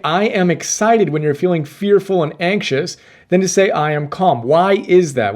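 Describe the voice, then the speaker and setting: A man hosting a short self-help class, explaining ideas in an energetic, emphatic way and often checking in with "right?". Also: fairly high pitch. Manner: enthusiastic, emphatic, often tags statements with "right?". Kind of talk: energetic casual teaching monologue.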